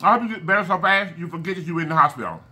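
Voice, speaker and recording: A man hosting an eating vlog, casually and affectionately giving shout-outs to his fans and stumbling over names as he corrects himself. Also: a little high, very fast. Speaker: mukbang channel host. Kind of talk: casual chat to viewers while eating.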